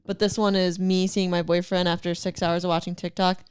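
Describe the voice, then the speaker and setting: A young woman co-hosts a laid-back podcast, chatting and giggling as she rambles through stories. She fills her speech with "like" and "um," and her voice sounds smooth and clear. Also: lowish voice, little pitch movement, brisk, darkish tone. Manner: giggly, rambling with many fillers. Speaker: podcast co-host. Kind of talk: casual chat.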